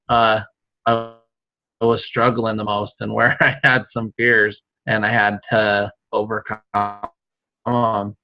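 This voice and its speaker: A man sharing on a group video call, speaking hesitantly with many pauses and fillers. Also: fairly low pitch, dry recording. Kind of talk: casual sharing. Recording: dry, dull lo-fi call audio.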